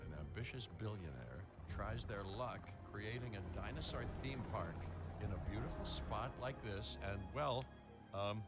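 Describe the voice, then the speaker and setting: A man's voice: fairly low pitch, expressive, unhurried. An actor playing a laid-back, wry male park guide in a video game. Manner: dry, wry, easygoing. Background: loud music.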